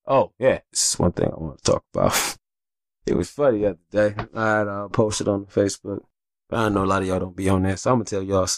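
A man's voice: sits low, gravelly, dry recording. A man hosting a casual solo podcast, talking candidly and with plenty of swearing as he rambles through stories. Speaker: podcast host.

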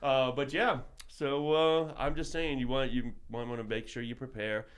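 A man's voice: mid-range voice, normal speed, smooth. A man telling a long, profane story in casual podcast chat, acting out his own reactions. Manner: profane, animated storytelling with voiced asides.

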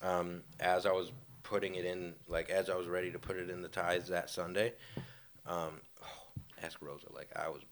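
Deep-voiced young man telling a story. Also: flat delivery, moderate pace. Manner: rambling, filler-heavy storytelling with laughs. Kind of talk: casual faith testimony.

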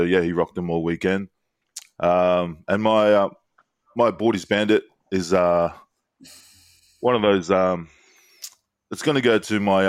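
Deep-voiced laid-back man. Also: no room sound. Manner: laid-back storytelling with frequent ums and laughs. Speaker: podcast co-host. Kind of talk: casual banter.

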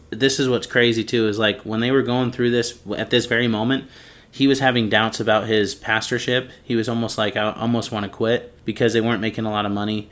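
A man co-hosting a podcast, telling a story in a casual, animated way and acting out the people in it. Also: on the low side. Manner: animated storyteller, acts out quoted voices. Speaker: podcast co-host.

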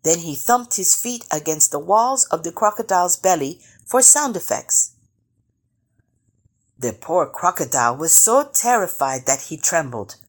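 A woman reading a children's picture book aloud, slow and expressive. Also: on the low side, husky. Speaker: storyteller.

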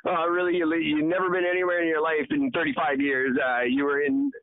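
A man's voice: animated, brisk, no room sound. A Canadian man co-hosting a podcast in casual chat, mocking and swearing, often putting on silly voices. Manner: mocking, puts on silly high voices for impressions. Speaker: podcast co-host. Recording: tinny phone-like sound.

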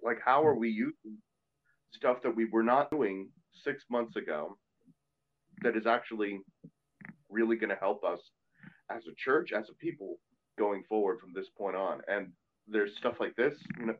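A man's voice: fairly low pitch, moderate pace, long pauses, lo-fi sound. A man who is a Catholic priest, chatting earnestly and at length on a podcast. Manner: earnest, talkative, self-deprecating. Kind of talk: casual podcast chat.

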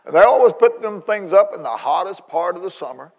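A man, an evangelist telling a story in a sermon, folksy and animated with many restarts, in a large church hall. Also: high-pitched, fairly quick. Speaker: evangelist preacher.

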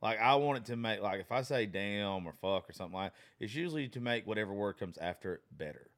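A man's voice: fairly low pitch, animated, quick pace, fairly bright tone. A man in his thirties in a casual chat, rambling with lots of fillers and swearing about his daughter.

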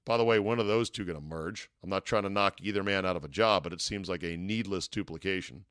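A man's voice: low voice, quick pace, fairly bright tone, no echo, clean studio sound. A man hosting a sports talk podcast, giving a casual monologue with wry, sarcastic asides from a hotel room.

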